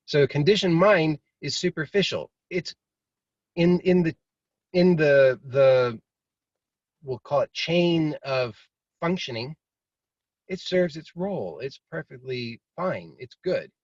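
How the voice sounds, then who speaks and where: A man's voice: fairly high pitch, lively intonation, slow pace, dry recording. A man teaching in a casual, rambling way, now and then acting out inner voices. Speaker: meditation teacher. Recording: dry, slightly muffled video call audio.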